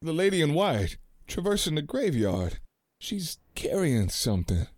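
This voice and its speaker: An actor playing a blunt, folksy frontier gunslinger in radio drama style. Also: male voice, fairly high pitch, sing-song, a little slow, darkish tone, no room sound, clean studio sound.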